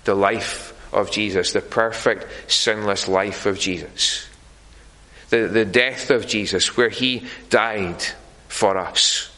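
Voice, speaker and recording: A man preaching a sermon in a church, earnest and deliberate, pausing often on fillers. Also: fairly low pitch, steady tone, pushed and bright, big-room sound, poor audio.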